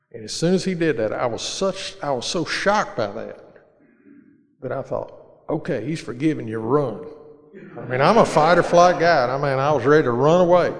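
A man's voice: mid-range voice, vocal fry. Earnest man telling his story in a hall. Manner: earnest, plain-spoken, with repeated restarts. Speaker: speaker sharing his recovery story. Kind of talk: personal storytelling talk. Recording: long reverb of a large hall.

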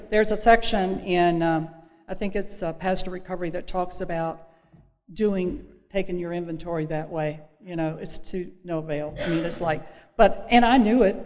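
A woman sharing her personal recovery story at a meeting, speaking earnestly and haltingly, with many fillers and restarts. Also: fairly low pitch, a little mellow. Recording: long echo of a hall.

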